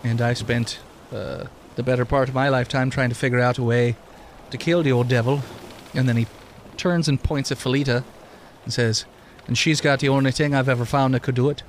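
A man's voice: medium pitch, steady tone, brisk, a little hiss or hum, close to an everyday voice. A man putting on a folksy Irish-tinged ancient schemer. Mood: scheming, boastful. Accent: put-on Irish. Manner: rambling, folksy storytelling. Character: ancient world-weary man who tricked the devil.

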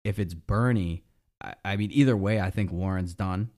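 Guy ranting about politics, kinda low voice, sarcastic, swears a lot, rambles. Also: moderate pace, darkish tone. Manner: sarcastic, profane, rambling with restarts. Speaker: political commentator. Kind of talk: casual opinion monologue.

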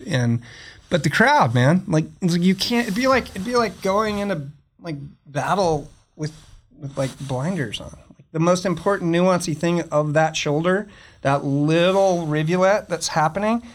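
A man's voice: on the high side, expressive, moderate pace, slight background noise. A man who surfs and makes films, talking as a podcast guest in a loose, rambling way, full of fillers and restarts. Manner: rambling, searching for words, many fillers. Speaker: podcast guest, surfer and filmmaker. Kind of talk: casual podcast conversation.

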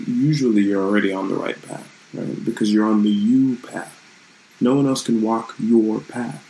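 A man's voice: lowish voice, gravelly, darkish tone, a little hiss or hum, poor audio. A man hosting his own channel, talking in a loose, rambling and reflective way in a casual live-streamed vlog from his room at home.

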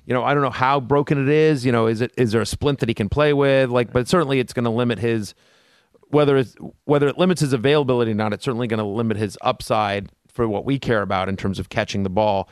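A man's voice: mid-range voice, fast, clear, resonant tone, dry recording, clean studio sound. Man co-hosting a fantasy football podcast. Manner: conversational, hedging with fillers. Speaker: podcast co-host.

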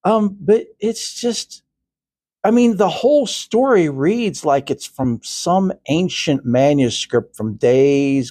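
An older man hosts a podcast, reading a story aloud and breaking off for earnest, chatty asides. His voice sits at an ordinary middle pitch. The recording is dry and close, with no room echo. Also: warm tone. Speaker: podcast host.

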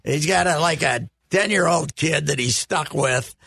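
An older man on a sports talk show, telling stories in an animated way and bursting into loud exclamations. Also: fairly high pitch, a little slow, gravelly, breathy edge, no echo. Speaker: sports radio regular. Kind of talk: casual chat.

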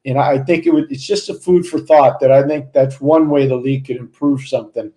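A man's voice: medium pitch, steady tone, fairly quick, warm tone, rough recording. A man co-hosting a podcast, stating his opinions earnestly and with emphasis. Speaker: podcast host. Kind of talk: casual chat.

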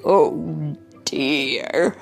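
A woman's voice: extremely low pitch, extremely slow, faint music behind. A woman reading a picture book aloud to children, stopping often to chat and explain. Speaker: storyteller.

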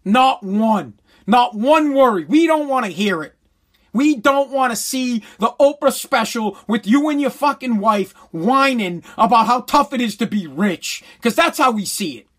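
A man's voice: very high voice, animated, measured pace, fairly bright tone. Blunt, swearing man ranting. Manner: blunt, heated and sarcastic, with crude swearing. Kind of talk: profane opinion rant.

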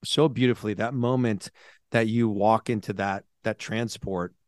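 Brief: upbeat male co-host, slightly low voice, dry close mic. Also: fairly even intonation, moderate pace, no echo. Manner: enthusiastic and upbeat. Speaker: podcast co-host. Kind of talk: casual chat.

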